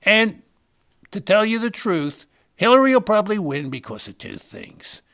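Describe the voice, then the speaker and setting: A man's voice: high-pitched, sing-song, moderate pace, fairly bright tone, exaggerated voice. An actor playing a boastful male Republican party insider in a satirical comedy rant, rambling and name-dropping toward each punchline. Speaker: comic character monologue.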